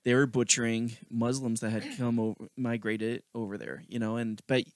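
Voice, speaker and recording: A man's voice: mid-range voice, level tone, moderate pace, dry recording. Blunt opinionated man, dry podcast mic. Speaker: podcast co-host. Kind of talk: casual chat.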